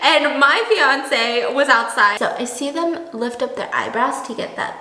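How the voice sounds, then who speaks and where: A young woman chatting casually in a vlog, animated and laughing as she tells stories. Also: sits high, measured pace, roomy sound, rough recording. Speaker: beauty vlogger.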